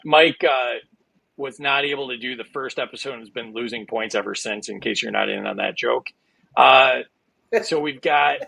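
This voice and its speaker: This male host talks through his stream with a heavily gravelly, fry-filled voice that sounds bright and forceful. The mic is close and dry, with no room sound. He jokes loosely and fills the gaps with uhs and ums. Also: mid-range voice, no room sound. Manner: jokey, rambling with many fillers. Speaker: game show host. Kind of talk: casual game show hosting.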